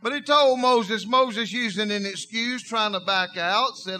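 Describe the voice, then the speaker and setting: Emphatic folksy preacher, high-pitched man, sermon delivery. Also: unhurried, hardly any pauses, pushed and bright, a little hiss or hum.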